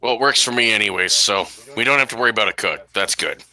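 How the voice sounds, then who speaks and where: Wry male tabletop player; low, very bright and edgy tone. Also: fast talker, low-quality recording. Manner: joking, wry. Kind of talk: casual tabletop game chat.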